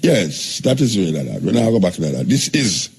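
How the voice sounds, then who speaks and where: A man's voice: deep voice, sing-song, normal speed, a little mellow, a little hiss or hum. A man hosting a call-in radio show, laid-back and joking, drifting off into stories. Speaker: radio host. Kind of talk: casual call-in radio chat.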